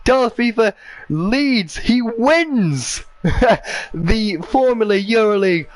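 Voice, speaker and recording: High-voiced excited male race commentator. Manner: excited, fast play-by-play. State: losing his voice. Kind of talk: sim racing commentary.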